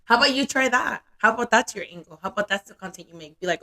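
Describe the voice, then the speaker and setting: Young female podcast host, bright tone, casual, frank, swears freely. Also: medium pitch, lively intonation, very fast. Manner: candid, laughs easily, swears freely. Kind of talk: casual chat.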